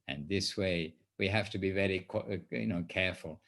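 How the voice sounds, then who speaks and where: Man, lowish voice, spiritual teacher, gentle and reassuring, halting explanations. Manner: soft-spoken, reassuring, hesitant with fillers. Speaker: spiritual teacher leading a class.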